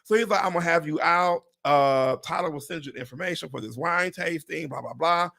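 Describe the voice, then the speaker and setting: A man hosting a livestream chat, telling a story with excitement, acting out what people said, swearing and laughing often. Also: on the high side, brisk, vocal fry. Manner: animated, acts out quotes, swears, laughs often. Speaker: real estate agent and livestream host.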